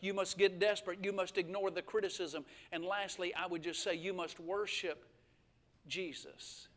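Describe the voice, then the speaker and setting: A middle-aged man preaching a live revival sermon in a church, his voice pitched very high for a man and bright. He swings from near-hushed asides to full shouting, with folksy humor along the way. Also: steady tone, moderate pace. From Alabama. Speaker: guest pastor. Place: church sanctuary.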